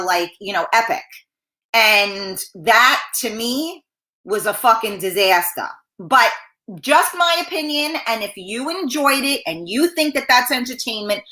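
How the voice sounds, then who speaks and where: A woman's voice: fairly high pitch, sharp tone, reverberant. A middle-aged woman hosting a live talk show, rambling and blunt, swearing freely as she reads viewer comments.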